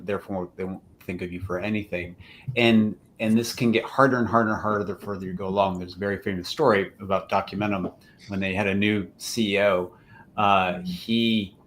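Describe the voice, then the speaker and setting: A man's voice: fairly low pitch, a little hiss or hum. An American man speaking as an entrepreneur on a panel, casual and self-deprecating, with fillers and anecdotes. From United States. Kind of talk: panel discussion.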